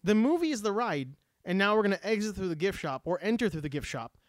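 A man's voice: high-pitched, sing-song, fast talker, no echo, studio quality. A man chatting casually about movies, emphatic and opinionated, swearing freely.

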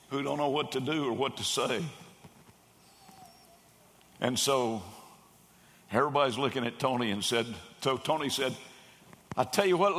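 A man's voice: medium pitch, vocal fry, slight background noise. A man preaching a sermon, telling a story and raising his voice when he quotes the people in it. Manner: animated storyteller, raises voice for quoted characters. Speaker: pastor. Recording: long hall reverb.

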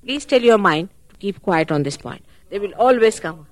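A woman giving a spiritual talk at a public program, animated and full of rhetorical questions. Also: mid-range voice, normal speed, no echo. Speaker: spiritual teacher.

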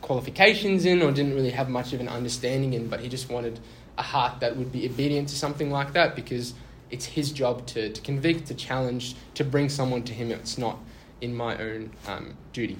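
A man's voice: medium pitch, fairly quick, slight background noise. A young man telling a personal story in a casual sermon, chatty and self-deprecating. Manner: chatty, self-deprecating, laughs through awkward moments.

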